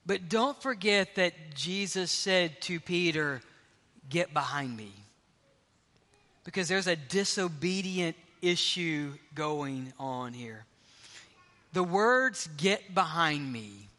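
A pastor delivers an emphatic sermon in a high, bright voice. His speech carries a long reverberant tail from the large sanctuary around him. He leans into key phrases and slows down for weight.

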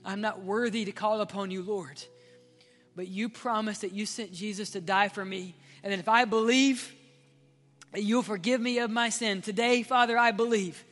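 A man preaching a sermon as pastor, passionate and swinging from loud appeals to hushed, near-whispered prayer. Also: high voice, steady tone, normal speed. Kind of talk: sermon with altar-call prayer. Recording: hall reverb with faint music.

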